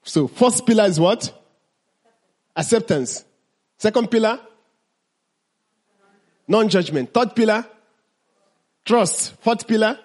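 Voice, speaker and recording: A man with a high, husky voice leads a teaching talk, calling out questions and then answering them himself. His pitch swings widely, and he stretches out the words he wants to stress. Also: animated, takes it slowly, pauses often, darkish tone. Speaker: mindfulness teacher.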